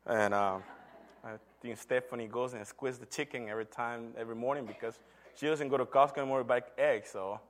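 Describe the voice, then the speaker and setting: A man's voice: mid-range voice, steady tone, fairly quick. A middle-aged man, a church elder, giving an earnest sermon testimony told as a story. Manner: earnest, storytelling with acted quotes.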